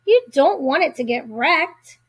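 An enthusiastic little boy speaks up earnestly, as a woman reading aloud does his lines. The voice stays high and lively, in a children's picture book reading. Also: measured pace.

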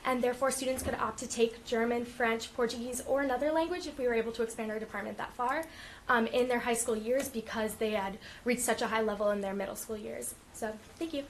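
A woman's voice: fairly high pitch, steady tone, brisk, a little hiss or hum. A teenage girl giving an earnest prepared statement at a school committee meeting, with frequent ums. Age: teens. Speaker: student speaker at public comment.

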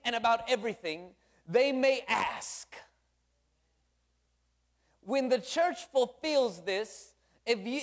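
Fervent man leading church prayer. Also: very high-pitched. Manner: fervent, repeats hallelujah and amen, calls out to the congregation. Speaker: worship leader and drummer leading a church service. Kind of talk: lively church service exhortation and prayer. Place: church sanctuary.

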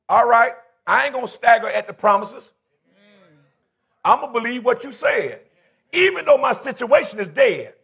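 Gravelly high-voiced preacher shouting praise. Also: male voice, very animated, normal speed. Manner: builds from low teaching to shouted praise. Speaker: bishop preaching. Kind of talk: call-and-response sermon. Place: church before a congregation.

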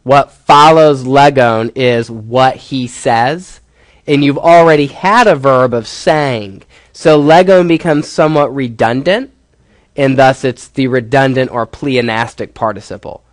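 A man's voice: medium pitch, a little slow, dry recording. A male professor giving a classroom lecture, explaining step by step and putting questions to his students.

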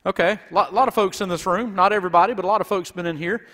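A man's voice: high voice, very fast, fairly bright tone, long reverb tail. A man with a Southern accent preaching a folksy, conversational sermon as pastor in a church. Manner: folksy and conversational, with many restarts. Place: church sanctuary.

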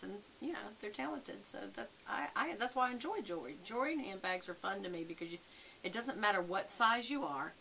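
A chatty woman talks straight to her viewers as she tests makeup at home. Her voice is bright and clear, with a faint hiss in the background. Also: fairly low pitch, low-quality recording. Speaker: beauty vlogger. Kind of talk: casual chatty makeup vlog.

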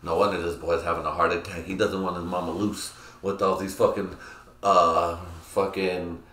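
A man's voice: deep voice, level tone, moderate pace, a bit bright. A young man hosting a solo podcast, rambling crudely and laughing at his own jokes. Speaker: podcast host. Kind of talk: casual solo podcast rant. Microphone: computer mic. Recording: echoey room.

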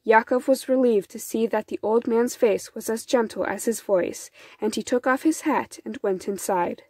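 A woman narrating a children's folktale in an unhurried, soft storytelling manner. Her voice sits a little high and sounds close and dry. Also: slightly rough, dry recording. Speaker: storybook reader.

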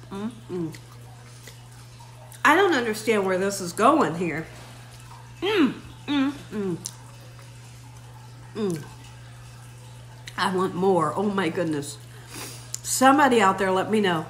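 A woman's voice: mid-range voice, expressive, slow pace, long pauses, fairly bright tone. A woman hosting her own vlog, chatting effusively and talking straight to her viewers in a casual way. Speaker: vlog host.

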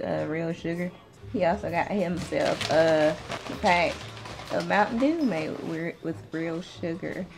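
Excitable woman vlogging from a small apartment on a handheld cam, voice swoops all over with some fry, music playing underneath. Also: on the low side, measured pace. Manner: excitable and chatty, baby talk to her pets. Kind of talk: casual home vlog.

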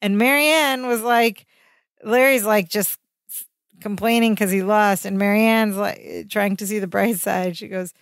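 Woman, mid-pitched, chatty, dry close-mic sound, casual recap. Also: fairly even intonation, a little slow, dry recording. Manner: chatty, quotes characters, lots of "like". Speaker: podcast co-host.

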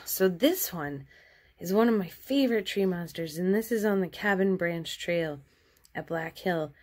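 Cheerful chatty woman with a lowish voice. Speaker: artist showing her sketches. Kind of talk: casual show-and-tell narration.

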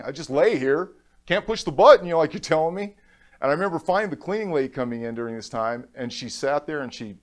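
A man giving a keynote on a conference stage, telling a personal story in a heartfelt, halting way and acting out other people's lines. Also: medium pitch. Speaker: keynote speaker. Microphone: stage microphone.

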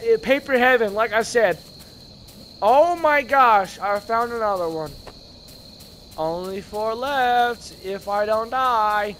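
Male gameplay commentator, high and hoarse, excitable, slang-heavy, with a slight background hiss. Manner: excitable, slangy, shouts at scares then mutters. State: hoarse, voice worn from screaming. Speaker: gaming video creator.

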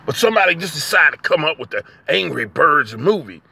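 A man's voice: fairly high pitch, very animated, fairly quick, creaky, pushed and bright, breathy edge, no room sound. A man, rambling through a comedic monologue and chuckling between phrases. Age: 60s. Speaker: poet and comedy vlogger.

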